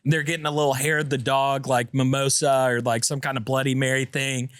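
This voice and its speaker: A man's voice: medium pitch, level tone, fairly bright tone, no room sound, studio quality. A man co-hosting a casual podcast, bantering in a laid-back way. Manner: laid-back banter, quick reactions and laughs. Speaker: podcast co-host.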